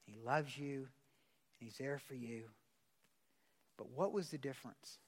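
Slangy pastor preaching in an echoing hall. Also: male voice, mid-range voice, measured pace. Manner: conversational, slangy, questions the congregation. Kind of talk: sermon. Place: church service. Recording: long hall reverb.

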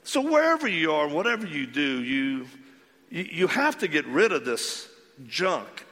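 A man preaching a storytelling sermon, animated and acting out the voices of the people in his story. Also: on the high side, unhurried, big-room sound. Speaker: ministry leader speaking to men.

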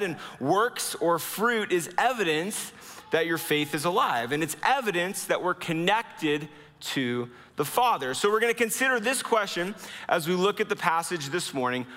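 A man preaching a sermon as pastor. He speaks earnestly, slowing down and dropping low to stress key lines. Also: bright, forceful tone, long reverb tail.

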